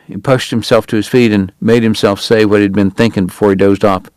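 A man narrating an audiobook in a steady, even storytelling manner. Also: fairly low pitch, fairly quick, hardly any pauses, dry recording, clean studio sound.

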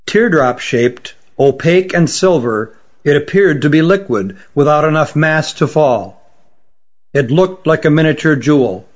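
A man narrating a fantasy story in a steady, even storytelling manner. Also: on the high side, a little slow, dull audio. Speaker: audiobook narrator.

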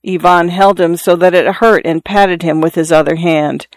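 A narrator reading a literary story aloud as an audiobook, in a measured, even storytelling manner. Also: mid-range voice, no echo.

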